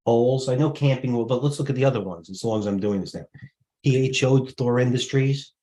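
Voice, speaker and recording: Brash, fast-talking male market host. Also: mid-range voice, mellow, slight background noise. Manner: blunt, jumpy, talks to viewers directly. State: out of breath. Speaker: stock trading livestream host. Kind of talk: rapid-fire live market commentary.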